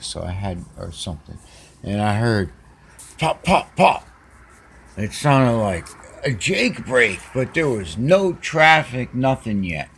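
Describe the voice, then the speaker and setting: Slow-talking, lively man chatting at home. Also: on the low side, slight background noise, rough recording. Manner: chatty storytelling, repeats words mid-sentence. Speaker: cat owner filming his pet. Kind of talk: casual home video chat. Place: home, by a window with a cat tree.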